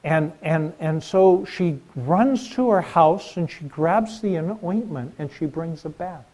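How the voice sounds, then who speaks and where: A man's voice: a little high, lively intonation, slow pace, darkish tone. A middle-aged man preaching a sermon in a conversational way, asking the congregation questions.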